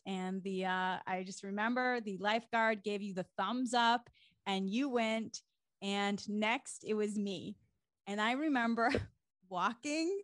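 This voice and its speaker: A middle-aged woman co-hosting a podcast, recounting a personal story in casual, animated fashion with many fillers. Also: a little high, no echo, clean studio sound. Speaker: podcast co-host.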